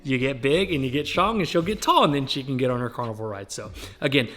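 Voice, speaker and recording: This fast-talking fitness coach has a mid-range, slightly bright voice and an upbeat, coaching manner. Filming a casual home vlog on a camera close by, he speaks directly to his audience and repeatedly calls them "guys."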